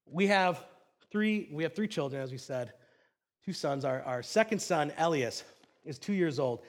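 A high-pitched man in his thirties delivers a pastor's sermon. He tells stories with animation, dropping to a hush and then rising loud again. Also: normal speed. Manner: animated storytelling, swinging from hushed to loud.

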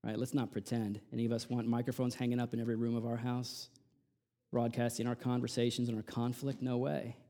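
A man preaching a sermon in a conversational way, full of rhetorical asides, dropping to hushed lines and rising to loud emphatic peaks. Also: mid-range voice, monotone, brisk. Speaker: pastor.

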